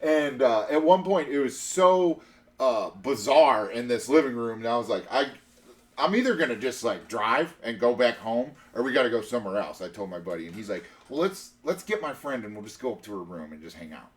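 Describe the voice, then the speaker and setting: A man's voice: mid-range voice, lively intonation, fairly quick. Rambling man telling a story. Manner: rambling, many fillers and restarts. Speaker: podcast host. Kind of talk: casual storytelling.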